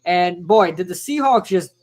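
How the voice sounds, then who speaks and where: A young man casually reacting live to a football game, chatting with viewers and shouting out their names. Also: sits high, normal speed. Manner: excitable, chatty, reads out chat names. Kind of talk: casual live-stream commentary.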